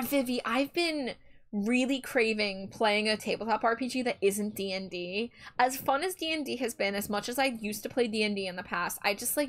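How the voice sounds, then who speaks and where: A woman hosting a live stream, chatting casually with viewers and reading their messages in a bubbly, giggly way. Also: mid-range voice. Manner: bubbly and giggly, reads chat aloud. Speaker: livestream host. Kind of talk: casual chat with viewers while drawing.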